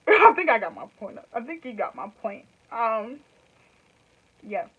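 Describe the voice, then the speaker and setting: A woman's voice: a little high, sing-song, slow, breathy edge, phone-quality sound. A woman in her twenties with a Southern US accent, chatting casually to camera in loose, rambling phrases and laughing often. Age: 20s. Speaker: YouTuber. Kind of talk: casual direct-to-camera chat.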